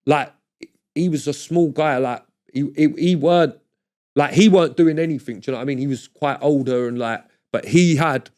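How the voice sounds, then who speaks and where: A man's voice: on the high side, normal speed, a little mellow. A middle-aged man, a podcast guest telling stories in blunt, swearing street slang. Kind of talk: casual storytelling chat.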